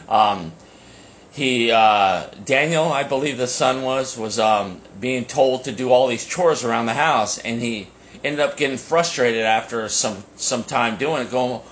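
A man's voice: mid-range voice, a bit bright, slight background noise. A man co-hosting a podcast in casual chat, rambling with many fillers and restarts. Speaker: podcast co-host.

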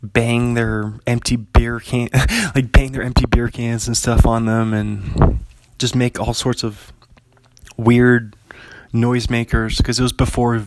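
A man's voice: medium pitch, little pitch movement, slow. Rambling, laughing young man. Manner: rambling, laughs often, lots of likes. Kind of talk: casual chat.

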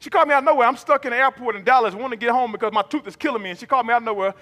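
Male pastor, high-pitched and bright, rhythmic call-and-response preaching, echoing church hall. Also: very fast. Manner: rhythmic, emphatic, calls congregation to repeat lines. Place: church sanctuary. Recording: long reverb of a large hall.

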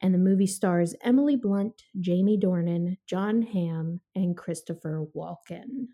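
Reading a film synopsis aloud, this movie podcast host chats in a relaxed way and laughs frequently. Her lowish voice has a dark tone and an unhurried pace, and the audio sounds dull.

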